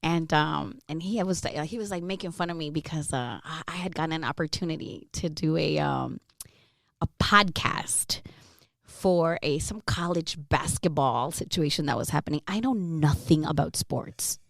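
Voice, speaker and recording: A woman radio host telling candid stories in a casual interview, animated and quick to laugh, swearing freely. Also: low voice, gravelly, no echo, clean studio sound.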